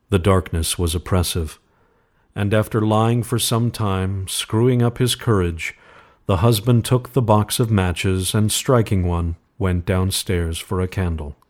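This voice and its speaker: Brief: male storyteller, lower register, measured and suspenseful narration. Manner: slow, measured, suspenseful reading. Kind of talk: scripted horror story narration.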